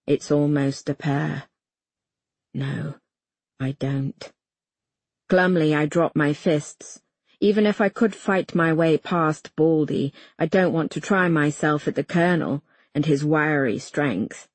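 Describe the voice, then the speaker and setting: A woman with a deep, slightly mellow voice narrates a first-person novel as an audiobook, speaking slowly with no room sound. Her storytelling is tense and urgent, and she voices the heroine's lines.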